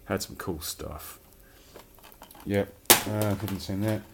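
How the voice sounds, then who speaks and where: The recording is very noisy, and the man's gravelly, lowish voice moves at a slow pace. He rambles casually while showing his film collection, cursing every so often.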